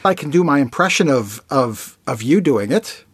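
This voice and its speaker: A woman's voice: rumbling low, lively intonation, moderate pace, slightly rough, no echo. A woman producing a podcast, chiming in with dry, offhand remarks. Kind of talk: casual chat.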